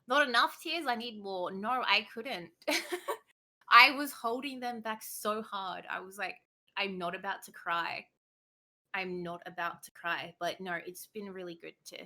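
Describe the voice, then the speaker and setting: A woman's voice: medium pitch, sharp tone. A young woman streamer chatting casually as a guest, talkative, swearing now and then and laughing easily. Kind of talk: casual chat.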